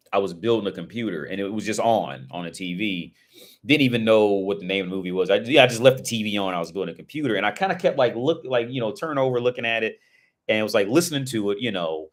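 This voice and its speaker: A man with a slightly low voice rambles through a casual livestream chat. He talks loosely, full of fillers and swearing, and he jumps into excited outbursts. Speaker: streamer.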